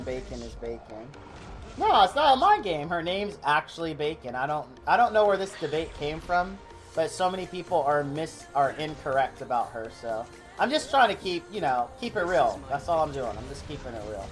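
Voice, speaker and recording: A man live-streaming a game, rambling excitably and thanking viewers in chat by name. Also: a little high, moderate pace. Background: faint game music.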